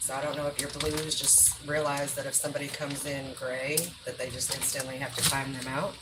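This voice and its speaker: A woman with a low, deep-set voice talks bluntly on a casual livestream, swearing freely as she puts groceries away. Room noise is plainly heard behind her. She sounds like she is in her kitchen. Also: flat delivery, a little fast. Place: home kitchen.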